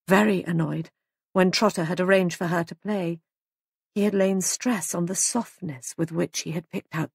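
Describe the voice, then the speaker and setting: A woman narrating an audiobook in a measured, even storytelling manner. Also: lowish voice, vocal fry, slightly rough, no room sound, clean studio sound. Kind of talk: scripted narration.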